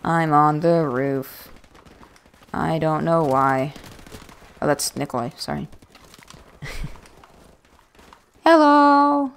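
A woman's voice: deep voice, fairly even intonation, takes it slowly, creaky, long pauses, clean tone. A woman giving chatty, rambling let's-play commentary with self-mocking jokes, into a USB desk microphone. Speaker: gaming video creator.

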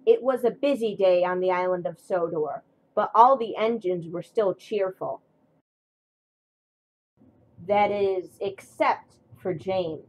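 A woman narrating a children's train story in a deliberate reading voice. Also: medium pitch, darkish tone, rough recording.

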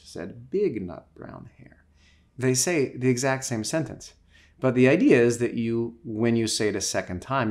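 Gravelly-voiced guy teaching public speaking, punches key words, middle-aged. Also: medium pitch. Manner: emphatic, shifting stress and loudness. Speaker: communication trainer. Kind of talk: instructional talk.

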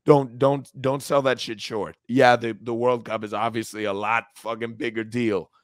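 A man's voice: mid-range voice, flat delivery, normal speed, dry recording. A man co-hosting a casual podcast, emotional and swearing freely, his voice breaking as he talks close to tears. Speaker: podcast co-host.

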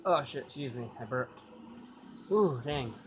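A man's voice: medium pitch, animated, measured pace. A man giving loose, rambling gameplay commentary, cursing casually and thinking aloud. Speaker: gaming YouTuber. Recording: dull lo-fi sound with clear noise.

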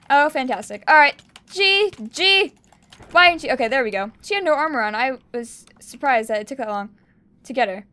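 A young woman giving excitable gameplay commentary, cheering and shrieking as she plays. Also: high-pitched, a little fast, clear, resonant tone, dry recording. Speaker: gaming YouTuber.

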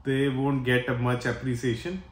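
A man's voice: medium pitch, steady tone, moderate pace, slight background noise. Chatty Indian man, echoey room. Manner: chatty, laughs often, restarts sentences. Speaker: reaction channel co-host. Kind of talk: casual reaction chat.

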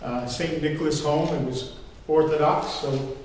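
Older pastor preaching in an echoey hall. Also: male voice, a little high, steady tone, a little slow, darkish tone, slight background noise. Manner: rambling, conversational storytelling with fillers. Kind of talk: sermon. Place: church sanctuary. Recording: echoey hall from far off, faint ambience.

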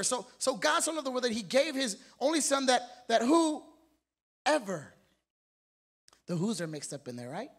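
A man's voice: very high voice, fairly bright tone. A man preaching a sermon as pastor, emphatic, asking the congregation questions and repeating words as he builds. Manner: playful, acts out family members.

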